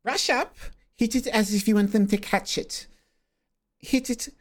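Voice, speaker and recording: A man's voice: sits high, a little slow, pitched above the performer's own voice. A man voicing a bossy, cheery South African woman tennis coach in a mock South African accent, barking short commands. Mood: bossy teasing.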